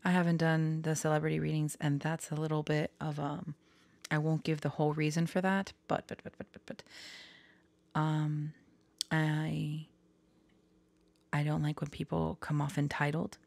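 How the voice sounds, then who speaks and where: A woman's voice: low-pitched, little pitch movement, moderate pace, creaky, dry recording. A woman vlogger talking candidly and hesitantly to her viewers, often dropping into a whisper. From Florida. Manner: soft, hesitant, confiding, drifts into whispers. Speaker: tarot vlogger. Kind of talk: candid personal talk to camera.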